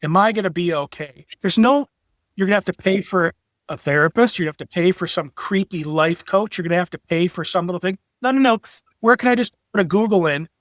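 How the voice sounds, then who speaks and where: A middle-aged man telling stories in casual chat, his voice pitched high and full of swearing and acted-out quotes. The recording is close and dry, with no room sound around him. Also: brisk, dry recording. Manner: animated storyteller, profane, acts out quotes. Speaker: podcast guest, graphic designer.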